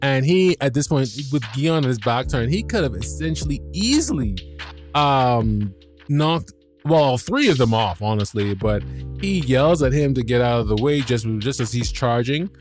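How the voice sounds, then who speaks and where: A man hosting a podcast, recapping an episode in a casual, excitable way, swearing freely and restarting his sentences. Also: mid-range voice, moderate pace, faint music behind. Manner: animated, swears freely, many restarts and fillers. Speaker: podcast host.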